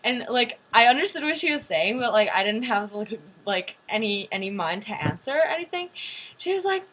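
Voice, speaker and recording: A woman's voice: medium pitch, normal speed, slight background noise. A young woman vlogger telling a story to camera in a chatty way, full of "like" fillers. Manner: chatty, animated, many "like" fillers.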